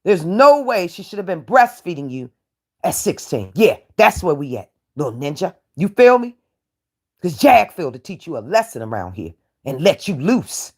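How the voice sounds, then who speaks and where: A woman's voice: sits low, big pitch swings, unhurried, darkish tone. A woman from the United States, hosting a casual commentary rant in a brash, taunting way and laughing often. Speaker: YouTube commentary host playing a judge.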